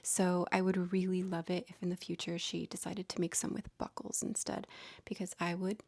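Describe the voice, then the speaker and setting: A young adult woman vlogger casually walking through her accessory collection, chatty and gushing, with many fillers and soft half-whispered asides. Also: fairly low pitch, completely flat delivery, a little fast. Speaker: fashion vlogger.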